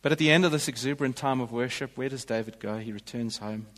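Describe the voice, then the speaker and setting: A man's voice: mid-range voice, quick pace, a bit bright, in a large hall. A male pastor delivering a sermon in a church, in an earnest, emphatic way.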